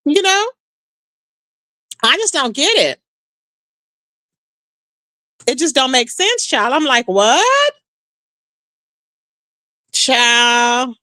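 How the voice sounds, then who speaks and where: A woman's voice: high-pitched, slow, pauses often, no echo. A woman hosting a live stream, chatting casually with viewers and reacting to comments with lots of "child". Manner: chatty, animated, says "child" often.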